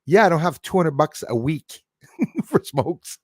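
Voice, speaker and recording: A man's voice: fairly high pitch, sing-song, measured pace, breathy edge, no echo, studio quality. A man hosting a livestream, chatting casually and jokily while answering viewer comments, with frequent chuckles. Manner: rambling, jokey, chuckles often.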